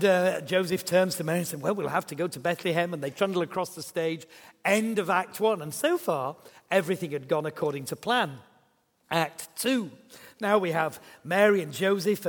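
A man preaching a sermon in a church, telling a story with lively emphasis. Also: sits high, in a large hall.

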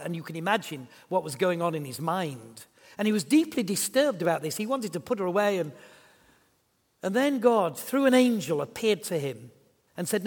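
A man preaching a sermon in a church, telling a story with lively emphasis. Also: high voice, long reverb tail.

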